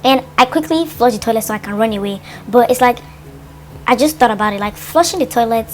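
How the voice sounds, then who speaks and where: A woman's voice: fairly high pitch, fairly quick. A young woman tells a personal story to her vlog, full of fillers like "like" and acting out her own thoughts. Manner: animated storytelling, lots of "like", dramatizes her thoughts. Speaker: vlogger.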